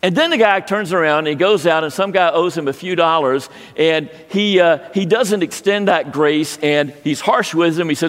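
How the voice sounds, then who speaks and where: A man preaching a sermon, telling a personal story in a halting way with frequent restarts. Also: fairly high pitch, animated. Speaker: pastor. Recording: long hall reverb.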